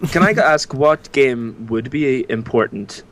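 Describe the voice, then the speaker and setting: A man's voice: medium pitch, takes it slowly, a bit bright. A man guesting on a podcast in casual chat, curious and asking follow-up questions.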